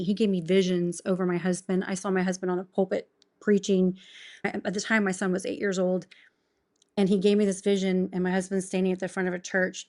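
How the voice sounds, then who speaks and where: A woman's voice: mid-range voice, darkish tone. A woman in her forties, a podcast guest, sharing her faith testimony in earnest, emotional conversation. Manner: earnest, emotional, quick bursts of enthusiasm.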